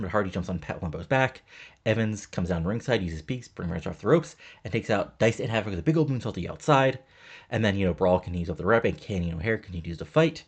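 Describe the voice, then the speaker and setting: Brief: casual let's-player, husky voice, loose and chatty. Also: male voice, deep voice. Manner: rambling, loose, many fillers like you know and um. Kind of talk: casual commentary over a wrestling booking sim.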